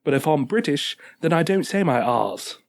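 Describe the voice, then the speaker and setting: A man's voice: on the high side, sing-song, moderate pace, gravelly. A man with an American accent co-hosting a casual podcast, chatty and laughing easily. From United States. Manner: chatty, laughing, does silly mock voices. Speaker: podcast co-host. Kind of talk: casual chat.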